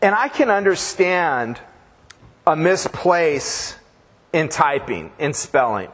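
A man's voice: on the high side, very animated, slow, a bit bright, slightly rough. A man preaching a sermon as pastor, casual and joking, with slangy storytelling. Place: church with a long reverb. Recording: church hall reverb.

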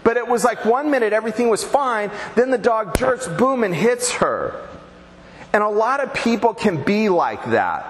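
A man's voice: sits high, very animated, moderate pace. A man preaching a sermon to his congregation in a conversational, joking way. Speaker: pastor. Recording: reverberant hall, faint background noise.

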